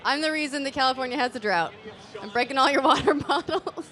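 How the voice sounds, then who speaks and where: A woman's voice: sits high, fast talker, fairly bright tone. Playful woman co-host reading questions. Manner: playful, laughs easily. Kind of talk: casual live event chat.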